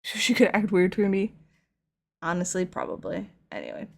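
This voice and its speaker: Young woman w a bit of vocal fry, chatty and goofy, just talking while she paints. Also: fairly low pitch, normal speed. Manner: rambling, playful, animated storytelling. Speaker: streamer painting figures. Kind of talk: casual chat while crafting.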